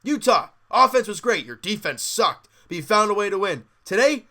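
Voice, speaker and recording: Bright-voiced fan venting about basketball. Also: male voice, high voice, big pitch swings, normal speed. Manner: candid, exasperated fan talk with restarts. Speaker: sports podcast host. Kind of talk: casual live game commentary.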